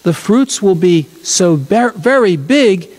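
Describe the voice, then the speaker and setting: A man's voice: high voice, expressive, slow pace, a little mellow, big-room sound. A preacher reading as a cheerful storybook father.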